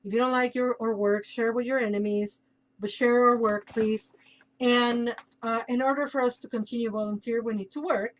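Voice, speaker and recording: A woman's voice: fairly high pitch, steady tone, normal speed, a little hiss or hum, low-quality recording. A woman podcast host with a Mexican accent, chatting casually and plugging her work with playful asides.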